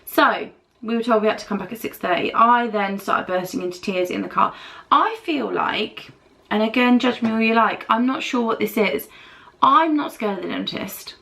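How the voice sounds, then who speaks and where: A woman's voice: a little high, lively intonation, normal speed, gravelly, a bit bright. A young British woman vlogger telling a rambling story while doing her makeup, acting out other people's lines as she goes. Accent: British English. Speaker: beauty vlogger. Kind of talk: chatty get-ready-with-me storytelling.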